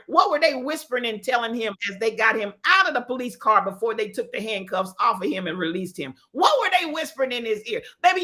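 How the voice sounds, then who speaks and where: High bright woman, animated stream host, preachy delivery. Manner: animated, greets viewers by name, preachy and emphatic. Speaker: livestream host. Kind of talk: live-stream chat and commentary.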